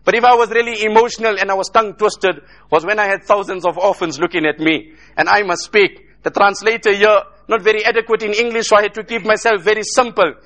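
A man's voice: sits high, fairly even intonation, fast talker, hardly any pauses, a bit bright. A man from South Africa giving an emotional sermon, telling stories in repetitive rhetorical phrases mixed with Arabic. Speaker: Islamic speaker.

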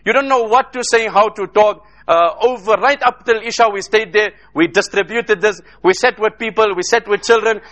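A man's voice: high voice, normal speed, few pauses, a bit bright. A man from South Africa giving an emotional sermon, telling stories in repetitive rhetorical phrases mixed with Arabic. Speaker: Islamic speaker.

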